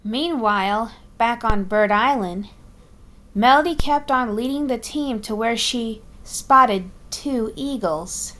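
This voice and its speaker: A woman narrating a fan-written audio story in a slow, deliberate storytelling manner. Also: fairly high pitch, a bit bright.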